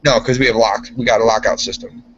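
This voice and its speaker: Talking quickly in a mid-range, slightly bright voice with fairly even intonation, the steel mill worker keeps spinning profane, meandering stories as a guest in a relaxed conversation. The podcast sound is muffled and lo-fi.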